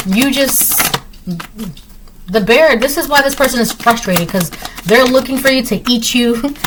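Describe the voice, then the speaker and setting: This tarot reader speaks in a slightly high voice at a slightly slow pace, with background noise behind her. Reading casually for her viewers, she says things more than once, asks "right?" repeatedly, and performs small voices to illustrate her points.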